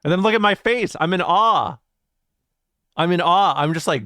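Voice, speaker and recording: A man's voice: sits high, moderate pace, pushed and bright, no echo, studio quality. A man streaming live, reading his chat aloud and joking around with plenty of swearing and laughter. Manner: joking and profane, often laughing. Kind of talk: casual livestream chat reading.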